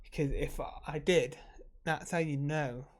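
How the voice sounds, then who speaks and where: A man's voice: fairly high pitch, measured pace. A man talking to camera in a casual, rambling vlog, emotional and swearing freely while he drinks. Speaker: vlogger.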